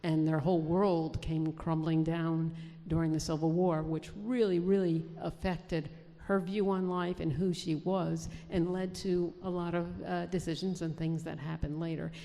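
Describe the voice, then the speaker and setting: A woman's voice: sits low, flat delivery, moderate pace, mellow. A woman novelist from New Jersey answering interview questions in a chatty way, with many restarts. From New Jersey, USA. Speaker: historical fiction author, guest. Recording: long hall reverb.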